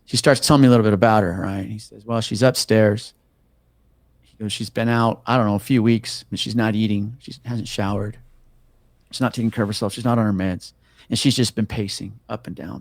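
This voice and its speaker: On the low side and fairly quick, a middle-aged police officer tells a story with no room sound on the recording. It's a casual interview, and he's profane and animated, doing the voices of the people he talks about.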